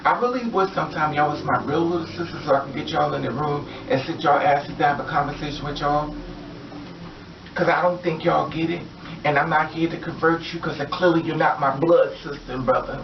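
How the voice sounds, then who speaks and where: A woman's voice: low voice, brisk, vocal fry, far from the mic, crowd noise. A woman vlogger delivering an angry, blunt, profane rant straight to her viewers. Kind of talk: impassioned rant to camera. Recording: echoey room, off mic, dull lo-fi sound.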